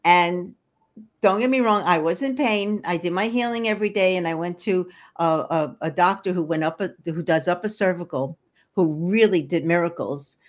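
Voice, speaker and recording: A woman in a podcast interview speaks with a lowish voice at normal speed. The guest, an energy healer and hypnotherapist, sounds earnest and encouraging and often starts her sentences over.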